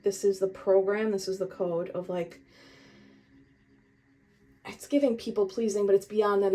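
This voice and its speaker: A woman's voice: a little high, dark tone. A young woman doing a casual spiritual tarot reading, talking straight to the viewer in a chatty, meandering and emphatic way. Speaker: tarot reader.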